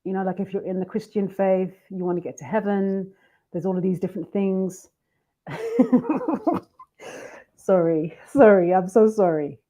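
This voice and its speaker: A woman's voice: mid-range voice, fairly even intonation, normal speed, long pauses, warm tone. A woman on an online panel discussing faith, giggling and trying to compose herself. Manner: giggling, trying to stay serious.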